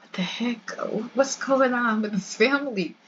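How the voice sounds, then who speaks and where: A woman's voice: unhurried, close to an everyday voice. A woman doing a shocked, exasperated young man. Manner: lowered voice, exasperated. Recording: dull lo-fi with faint hiss.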